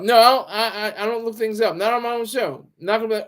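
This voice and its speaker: A man's voice: very high voice, brisk, few pauses, a bit bright. A man hosting his own livestream, chatting casually, joking and talking to his viewers. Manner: chatty, joking, talks to chat. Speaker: livestream host. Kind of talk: casual commentary.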